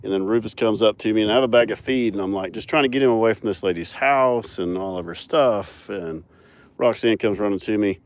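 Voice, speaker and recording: Lively young man telling farm stories. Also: lowish voice, fairly quick. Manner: animated, laughing storyteller. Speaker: farmer and animal owner. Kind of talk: casual storytelling vlog. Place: outdoors on a rural mountain farm.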